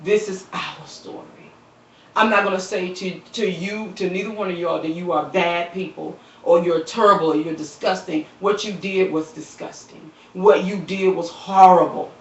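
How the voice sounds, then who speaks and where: A woman delivering an impassioned, preaching-style appeal on a live stream, repeating phrases and quoting scripture, swelling into shouts and dropping soft, recorded on a phone. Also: on the low side, steady tone, normal speed. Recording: roomy, distant, dull phone recording.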